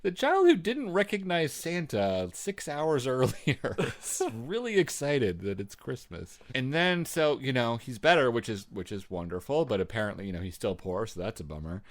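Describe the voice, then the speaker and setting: A man's voice: medium pitch, sing-song, moderate pace, hardly any pauses. A man co-hosting a podcast in casual chat, talkative and laughing often as he trails off and restarts. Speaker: podcast co-host.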